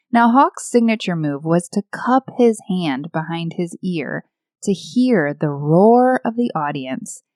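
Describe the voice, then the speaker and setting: A woman's voice: lowish voice, a little mellow, no echo, studio quality. A woman hosting a podcast, telling a devotional story in a playful, self-deprecating way from a script. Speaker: podcast host.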